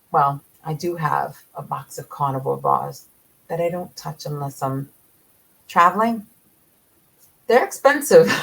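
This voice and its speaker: A woman's voice: low-pitched, vocal fry. A woman vlogger talking casually to camera, chatty and encouraging, often laughing as she gives tips straight to her viewers. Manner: animated, with frequent laughs. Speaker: vlogger sharing carnivore diet meal-prep tips.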